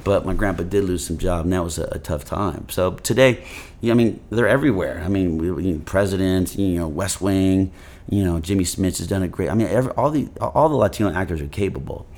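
A man talking as an actor guest in a casual interview, rambling with many "you know" fillers and animated storytelling. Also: deep voice, brisk. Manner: animated storytelling, voices his grandfather.

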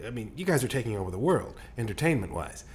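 Very deep-voiced woman host. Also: very animated, quick pace, darkish tone, slight background noise. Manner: brief affirming responses. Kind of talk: interview hosting.

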